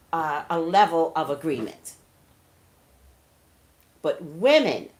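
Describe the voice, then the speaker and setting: A woman, a psychic reader, talking emphatically straight to her viewers in casual live-stream commentary. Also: medium pitch.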